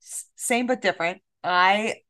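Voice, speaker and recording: A woman's voice: medium pitch, a little slow, sharp tone. A young woman co-hosting a podcast in casual chat, talking in a chatty way with lots of fillers and acting out quoted talk. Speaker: podcast co-host.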